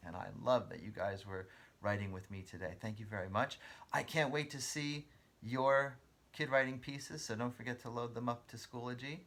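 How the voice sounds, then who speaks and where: A man's voice: medium pitch, moderate pace, a bit bright. A man teaching a guided writing lesson to kindergarten children, spelling words out letter by letter and encouraging them in a friendly way.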